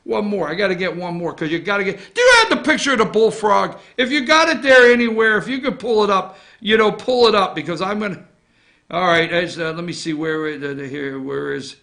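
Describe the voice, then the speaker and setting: A man hosting a morning opinion show, ranting about politics and swinging between loud outraged shouts and low muttered asides. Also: expressive, a little fast, vocal fry.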